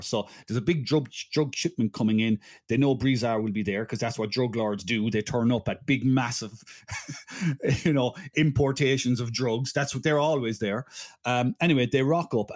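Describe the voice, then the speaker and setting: A man's voice: medium pitch, darkish tone. A man co-hosting a podcast, rambling through a plot summary with frequent laughs and restarts. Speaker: podcast co-host. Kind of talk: casual chat.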